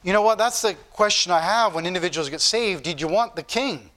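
A man preaching a sermon, reading scripture aloud and repeating key phrases with slow emphasis. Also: high voice, lively intonation, pushed and bright. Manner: reads scripture aloud in King James wording.

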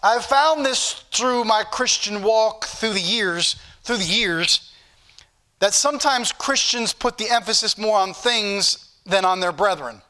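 A male preacher speaking with a Southern US accent addresses a church congregation, reading scripture at a slow pace and preaching with forceful repetition. His voice sits high and sounds pushed and bright.

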